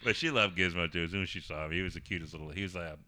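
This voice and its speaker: Fast-talking, deep, bright-toned middle-aged man. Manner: animated, swears freely, acts out quoted voices. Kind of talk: casual storytelling chat.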